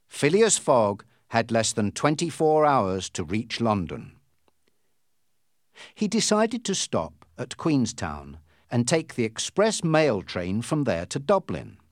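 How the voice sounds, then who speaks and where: A man reads a storybook aloud in a clear, deliberate way. His pitch rises and falls widely while the pace stays slow, and the recording is dry and close. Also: no echo. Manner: clear, deliberate reading with lively intonation. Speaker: narrator. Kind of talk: storybook reading.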